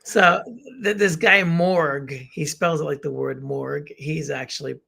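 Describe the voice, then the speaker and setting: A middle-aged man with a Bronx accent, co-hosting a casual chat from his living room, talking haltingly with many restarts. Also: fairly high pitch, steady tone, gravelly, bright, forceful tone, husky. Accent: Bronx, New York. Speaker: podcast co-host.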